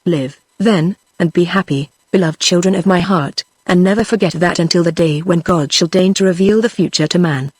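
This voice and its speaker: A text-to-speech voice of a woman with a British accent, reading a classic novel aloud and voicing every character in the same even manner. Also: fairly low pitch, moderate pace, hardly any pauses, husky, dry recording. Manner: even, unvarying delivery of all characters. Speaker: narrator.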